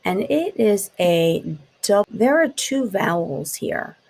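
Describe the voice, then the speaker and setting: A woman teaching a phonics lesson to young children, slowly sounding out letters and tapping out words. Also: mid-range voice, big pitch swings, darkish tone, poor audio.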